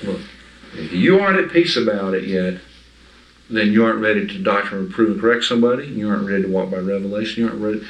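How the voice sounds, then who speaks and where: A man's voice: fairly low pitch, expressive, quick pace. Emphatic man teaching in an echoey room. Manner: conversational, emphatic, checks understanding. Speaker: Bible teacher. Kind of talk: informal teaching to a small group. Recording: echoey room, mic from afar.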